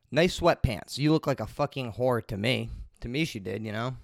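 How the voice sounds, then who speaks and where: A man's voice: on the low side, gravelly, no room sound, studio quality. A man hosting his own podcast, telling a rambling story in a casual, heavily profane monologue. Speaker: podcast host.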